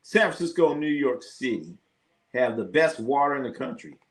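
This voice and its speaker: Casual, profane sports stream host. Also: male voice, medium pitch, animated, normal speed. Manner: loose, profane, reacts to chat. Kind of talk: casual live-stream chat.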